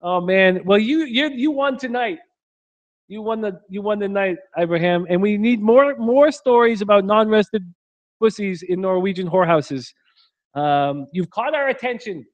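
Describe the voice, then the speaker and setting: A man's voice: high voice, animated, moderate pace, no room sound. A man hosting a live sports betting stream from a hotel room, reading viewer chat aloud in a crude, joking way and laughing often. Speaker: sports betting show host.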